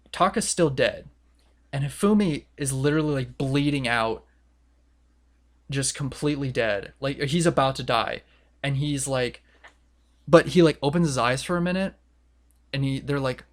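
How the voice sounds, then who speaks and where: A young man co-hosting a podcast, excitedly retelling a story in a rambling way, full of fillers and quoted voices. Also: on the high side. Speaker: podcast co-host. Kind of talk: casual podcast chat.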